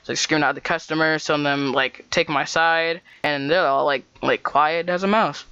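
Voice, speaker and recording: A man recounting a story for his channel, wandering through it with restarts and "like" at every turn. His voice is fairly high and bright, with a smooth, clear tone. The recording is dry and sounds dull, like a cheap mic. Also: steady tone, fairly quick, no room sound. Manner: rambling, full of fillers and restarts. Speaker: vlogger. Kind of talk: storytime vlog.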